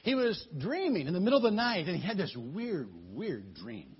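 Husky man telling a lively Bible story. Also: high voice, moderate pace. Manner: animated, repeats words while thinking. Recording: dull lo-fi recording.

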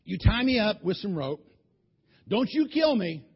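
A man's voice: high-pitched, very animated, unhurried, husky, heavily acted. A man voicing a strong, hot-tempered young man who talks in an offhand, casual way, on a dull lo-fi recording.

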